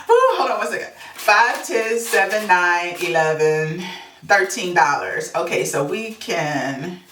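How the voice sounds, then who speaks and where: Lively woman vlogger, roomy and off-mic. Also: medium pitch, recorded from a distance. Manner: chatty, laughs often, counts money aloud. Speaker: budgeting vlogger. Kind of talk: casual storytelling while counting cash. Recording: echoey room, voice off-mic, faint noise.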